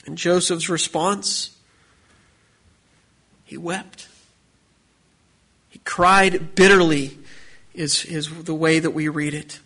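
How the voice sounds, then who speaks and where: A man's voice: on the high side, flat delivery, unhurried, pushed and bright. A man preaching a sermon as a pastor, building emphasis with repeated phrases.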